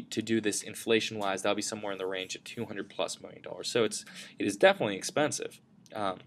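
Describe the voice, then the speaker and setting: A male teacher rattles through a history lecture at a quick clip. His voice sits a little low, and he talks casually, correcting himself often and dropping in fillers as he points at slides. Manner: brisk, casual, frequent self-corrections and fillers.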